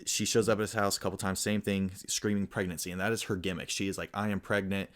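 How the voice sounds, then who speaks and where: A young man co-hosting a casual podcast, spinning a long, rambling story with a fairly low voice. He acts out the lines of the people in his tale as he goes. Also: fast. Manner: rambling, animated storyteller who acts out quotes. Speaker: podcast co-host.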